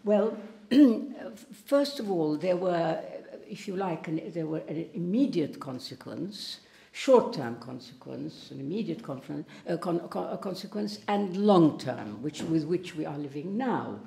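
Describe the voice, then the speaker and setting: Speak as a woman from Palestine making her case to the hall, earnest, with a dark, mellow tone and audible room echo. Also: fairly low pitch, animated, a little slow, creaky. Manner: earnest, restarts and stumbles over words. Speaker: invited speaker. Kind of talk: prepared debate talk. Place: lecture hall.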